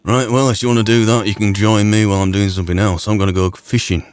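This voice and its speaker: A man's voice: fairly low pitch, steady tone, fast, clean tone, close to an everyday voice. A man playing a blunt, teasing, suspicious frontier fisherman. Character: gruff cagey frontier man who fishes.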